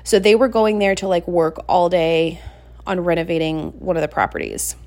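A woman's voice: lowish voice, fairly even intonation, moderate pace, darkish tone. A woman in her thirties telling a personal story in casual, rambling chat, full of "like" and "you know what I mean", confessional and self-deprecating. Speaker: podcast host.

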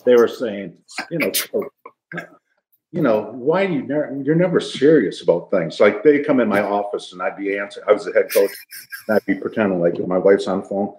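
A man's voice: lowish voice, a little fast, a little mellow, roomy sound, poor audio. An older man telling funny stories from his playing days in a casual, laughing way. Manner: jokey, laughing storyteller. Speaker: guest, retired football player. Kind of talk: casual storytelling.

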